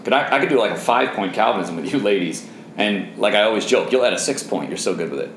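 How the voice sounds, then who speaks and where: Animated preaching man, echoey room. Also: fairly low pitch, rapid-fire, slight background noise. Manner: animated preaching, voice rising for emphasis. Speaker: pastor. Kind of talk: sermon.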